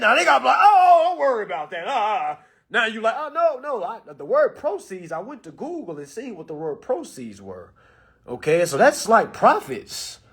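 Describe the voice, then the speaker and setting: A man giving a casual live-stream lecture, animated and full of rhetorical questions. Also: a little high, breathy edge. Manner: animated, rhetorical questions, acts out phone calls. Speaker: live-stream presenter teaching contract tactics.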